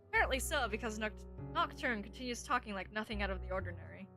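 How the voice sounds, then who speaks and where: A woman's voice: medium pitch, expressive, quick pace, hardly any pauses, over music. A woman streamer reading a visual novel aloud, narrating in a playful way and often breaking off to comment on the text. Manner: playful, self-interrupting narration.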